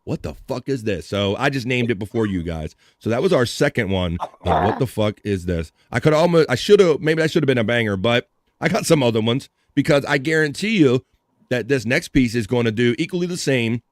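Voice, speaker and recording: A man's voice: medium pitch, expressive, a little fast, no room sound, studio quality. A man hosting a livestream, chatting casually and crudely while reacting to clips and reading viewer comments aloud. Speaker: livestream host.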